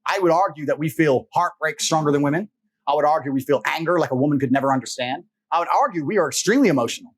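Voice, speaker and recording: Husky, slightly high-voiced man; blunt, profane interview guest. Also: quick pace. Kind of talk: emphatic motivational talk.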